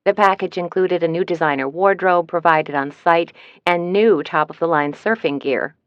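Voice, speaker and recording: A woman's voice: fairly low pitch, normal speed, clean tone, no room sound, lightly acted. A woman voicing a cheerful, talkative female travel agent in an audiobook, in a dry, slightly dull recording. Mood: chirpy.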